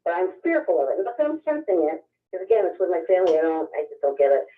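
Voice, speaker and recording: A woman's voice: on the low side, big pitch swings, quick pace. A woman caller answering a psychic's questions, hesitant, with many ums. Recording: tinny phone line.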